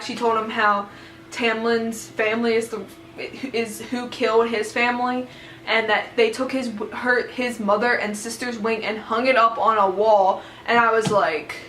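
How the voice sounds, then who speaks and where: A woman retelling a book in a casual, excited, rambling way, full of fillers. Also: on the high side, echoey room, a little hiss or hum, poor audio. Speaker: book vlogger.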